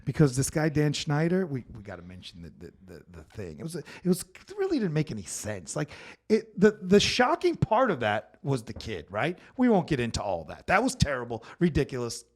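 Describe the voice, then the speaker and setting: A Brooklyn, New York man hosts a casual comedy podcast in a brisk, higher-pitched voice. He's animated and loose, swearing freely and restarting his sentences often.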